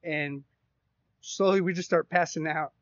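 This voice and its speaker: Profane storytelling man, slightly high voice. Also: a little slow, no echo. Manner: profane, rambling, animated retelling. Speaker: podcast co-host. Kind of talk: casual storytelling. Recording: dry, slightly dull sound.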